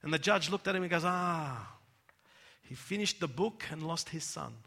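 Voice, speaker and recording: Bright-voiced male preacher, hall reverb. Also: fairly high pitch, expressive, normal speed, vocal fry. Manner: swings from hushed intimate tones to loud emphatic cries. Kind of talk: sermon.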